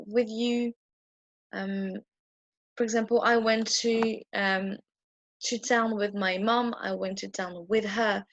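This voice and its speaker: A woman teaches French grammar in a casual, patient way, stopping often for ums and restarts as she works through her whiteboard. Her voice sits at a middle pitch and sounds close and dry, with a slightly muffled, dull tone to the recording. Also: gravelly, no echo. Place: indoor room with a whiteboard.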